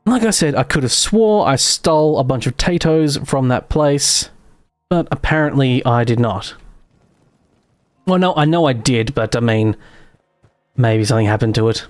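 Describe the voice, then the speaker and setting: A man talks his way through a live game session in a loose, muttering commentary, as if chatting to himself. His voice sits at an ordinary middle pitch. The sound is close and dry, with no room around it. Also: moderate pace, no echo. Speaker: gaming streamer. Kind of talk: casual live gameplay commentary.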